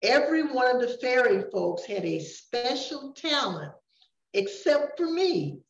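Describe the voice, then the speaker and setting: An older woman voicing a small, kind female fairy in a storybook reading, speaking softly and earnestly. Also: high voice, sing-song, a little slow, recorded from a distance, heavily acted. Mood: gentle. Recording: roomy, dull recording.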